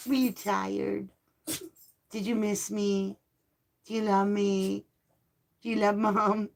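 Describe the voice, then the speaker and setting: A woman's voice: medium pitch, a little slow, vocal fry, pauses often. A middle-aged woman hosting a live tarot stream, chatting casually with viewers and cooing baby talk at her dogs.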